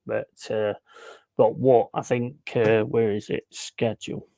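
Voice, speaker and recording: A man's voice: on the low side, flat delivery, slow, vocal fry, mellow, no echo. A man telling crude, blunt stories in a casual chat while streaming a game. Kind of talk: casual sweary storytelling while gaming.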